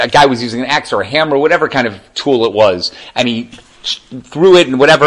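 A man teaching a religious class in a relaxed, conversational way. He tells stories with animated emphasis and keeps turning to his listeners for agreement. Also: mid-range voice, low-quality recording. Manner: chatty, animated, checks in with listeners. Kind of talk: casual storytelling lesson.

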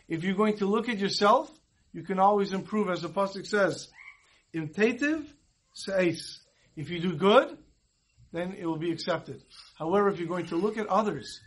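Rabbi guy with a high voice, chatty storytelling torah lesson, throws in hebrew and yiddish words. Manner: conversational, mixes Hebrew and Yiddish terms. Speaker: rabbi teaching a Torah class. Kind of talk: storytelling sermon.

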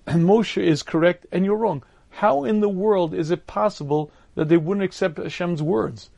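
Male Torah lecturer, slightly high voice, dry recording, steady teaching delivery with frequent throat-clearing. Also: dry recording. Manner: measured, explanatory delivery.

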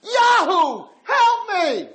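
Male lecturer doing a frantic captive king, shrill shouting, high. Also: big pitch swings, takes it slowly, heavily acted. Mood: frantic screaming. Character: desperate captive king screaming for help.

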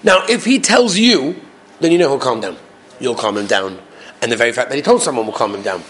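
Fast-talking man teaching a class. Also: medium pitch. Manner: animated, asks the class questions. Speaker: Torah teacher. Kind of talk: classroom Torah lesson.

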